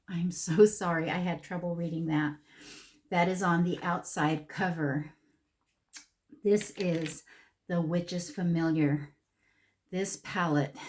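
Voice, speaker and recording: A woman beauty vlogger chats her way through an unboxing, gushing and excitable, saying things twice. Her voice sits fairly low for a woman, and she takes her time, speaking at an unhurried pace. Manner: gushing, excitable, repeats herself. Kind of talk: casual product unboxing vlog.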